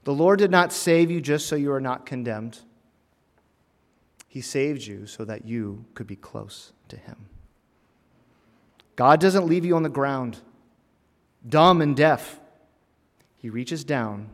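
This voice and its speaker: A man preaching a personal sermon in a church, earnest, rising to emphatic lines and dropping to hushed, heavy phrases. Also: medium pitch. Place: church sanctuary. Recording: long reverb of a church hall.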